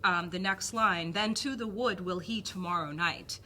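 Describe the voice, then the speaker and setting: Female acting teacher, bright lower voice, patient and halting, light room noise. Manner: patient, filler-heavy explaining. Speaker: acting coach. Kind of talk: explaining acting technique.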